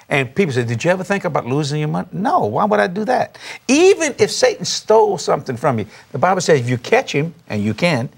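Animated husky preacher man. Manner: animated preacher storytelling, laughing, rising to high emphatic pitch. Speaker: pastor. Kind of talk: storytelling testimony on a talk show.

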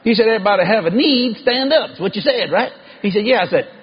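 Male preacher, very high voice, emphatic sermon, dull lo-fi sound with faint hiss. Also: expressive, quick pace, slightly rough, some chatter behind. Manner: emphatic, shouting at peaks. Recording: dull lo-fi recording with faint noise.

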